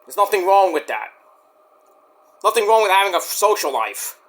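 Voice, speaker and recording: A man with a high voice delivers a rambling solo vlog. His tone is bright and forceful, and he talks bluntly and defiantly, swearing freely. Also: sing-song, normal speed. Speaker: vlogger. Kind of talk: casual rambling monologue.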